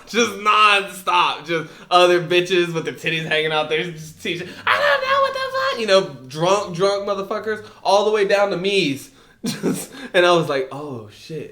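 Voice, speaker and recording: Male podcast co-host, high bright voice, lively laughing storyteller. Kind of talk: casual storytelling chat.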